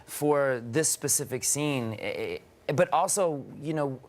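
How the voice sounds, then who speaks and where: Halting man talking about songwriting. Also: medium pitch, animated. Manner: halting, with many restarts and fillers. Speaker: interview guest, songwriter. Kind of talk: casual interview chat.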